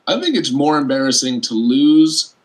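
A man's voice: fairly high pitch, very animated, moderate pace, low-quality recording. A young man co-hosting a casual podcast, cracking dry, wry jokes. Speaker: podcast co-host. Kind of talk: casual chat.

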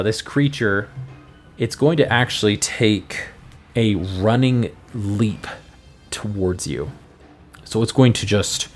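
A man hosting a podcast as game master, narrating a tabletop fantasy game in a measured, descriptive way. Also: fairly low pitch.

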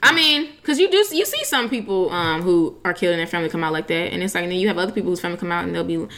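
A young woman co-hosting a podcast, chatting casually with animated restarts and trailing phrases. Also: on the low side, very fast. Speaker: podcast co-host. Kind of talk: casual chat.

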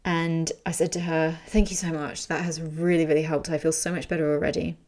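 A woman hosting a podcast, telling a personal story in frank, animated casual talk and swearing freely. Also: sits low, brisk.

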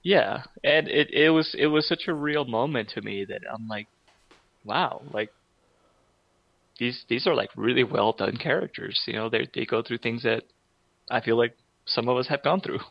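A man's voice: medium pitch, moderate pace, creaky, no room sound, lo-fi sound. A man co-hosting a podcast in casual chat, rambling and enthusiastic with many fillers.

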